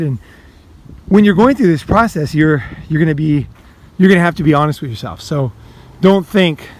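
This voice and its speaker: A man's voice: fairly high pitch, animated, fairly quick, darkish tone. Blunt, profane man talking to camera. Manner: blunt and profane, with many "you know"s and acted inner voices. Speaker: life coach and video host. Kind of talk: casual monologue to camera.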